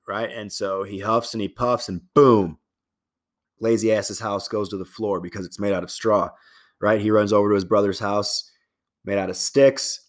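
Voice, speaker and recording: Middle-aged male fitness host with a lowish voice, rambling and profane, casual monologue. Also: steady tone, normal speed.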